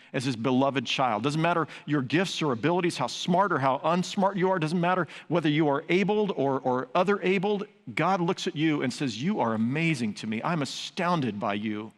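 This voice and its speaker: Speaking at a moderate pace in a slightly high voice, an older man delivers an earnest, conversational sermon that mixes teaching with stories from his own life. He's a pastor, and the large sanctuary he preaches in adds long reverb.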